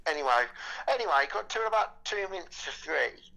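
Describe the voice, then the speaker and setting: A man's voice: sits high, expressive, fairly quick, creaky, bright, forceful tone, rough recording. A man, chatting as a podcast guest, rambling with many repeated words and casual swearing. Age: 20s. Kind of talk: casual chat.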